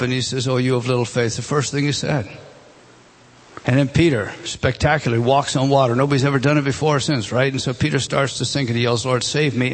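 A man preaching a sermon, emphatic, repeating words and swinging between loud stresses and quiet asides. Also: on the high side, husky.

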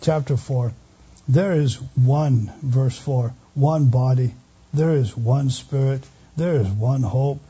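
An older man, a longtime pastor, preaching a sermon earnestly, rising loud on key phrases and dropping quiet again. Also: mid-range voice, slow pace, breathy edge, lo-fi sound.

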